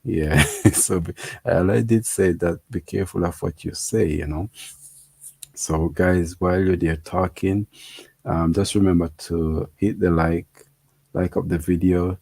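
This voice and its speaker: A man's voice: low-pitched, fairly even intonation, a little slow, vocal fry, a little mellow, breathy edge, dry recording. A man with a Jamaican accent hosting a casual livestream, chatting with viewers, laughing and repeating himself. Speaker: livestream host. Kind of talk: casual livestream chat reading comments.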